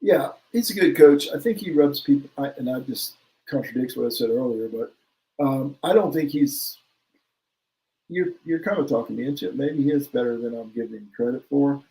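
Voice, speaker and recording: A man's voice: mid-range voice, moderate pace, mellow, rough recording. A man co-hosting a casual sports talk show who jumps between opinions, laughs easily and reads out listener comments. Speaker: podcast co-host.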